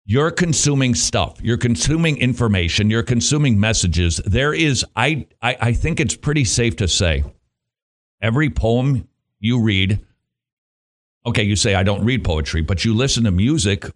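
Animated, joking male radio host. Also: medium pitch, moderate pace. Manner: jokey, animated, laughs often, playful asides. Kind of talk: Christian talk radio monologue.

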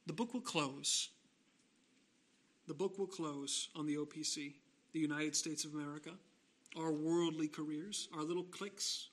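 Male pastor, sermon delivery, slightly high, bright and forceful tone, emphatic phrasing. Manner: emphatic preaching, slowing and rising on key phrases; softer, lower voice in closing prayer.

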